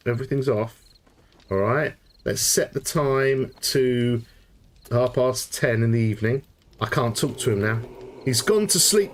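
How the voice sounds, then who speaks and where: A man hosting a live gameplay tutorial, thinking aloud and getting excited as he works things out, often restarting sentences. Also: mid-range voice. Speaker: tutorial host.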